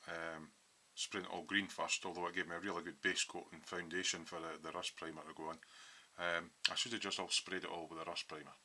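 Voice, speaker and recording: A man's voice: deep voice, little pitch movement, brisk, hardly any pauses, pushed and bright. A man in a home hobby workshop, casually walking through his model build with lots of ums as he explains his thinking.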